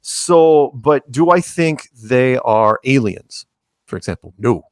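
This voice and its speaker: A man guest on a podcast, talking casually in an animated, joking way, with quick asides and frequent restarts. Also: mid-range voice, no echo, clean studio sound.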